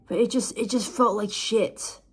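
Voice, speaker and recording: A woman's voice: mid-range voice, steady tone, unhurried, breathy edge. A woman venting to camera in a rambling, swearing way while eating.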